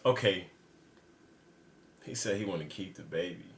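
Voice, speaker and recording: A man's voice: low voice, moderate pace, fairly bright tone. A man in his twenties doing casual reaction commentary, exclaiming and scolding as he talks back to a clip. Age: 20s. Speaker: reaction video host. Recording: echoey room with faint noise.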